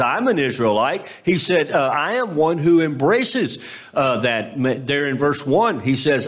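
A man preaching an expository sermon, reading scripture aloud and explaining it, with small slips and self-corrections. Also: on the high side. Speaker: pastor.

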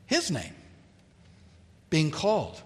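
A man preaching in a fairly high voice, drawing out a Bible story slowly and with long pauses. His words ring out with the long reverb of a large hall. He leans on key phrases for weight. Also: huge pitch swings. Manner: slow, deliberate storytelling delivery with dramatic pauses. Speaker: pastor. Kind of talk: sermon.

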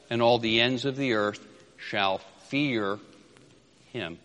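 A man preaching an expository sermon, emphatic and repeating key phrases, dropping low at the ends of phrases and reading scripture slowly. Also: a bit bright. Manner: reads scripture slowly and deliberately. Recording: long hall reverb.

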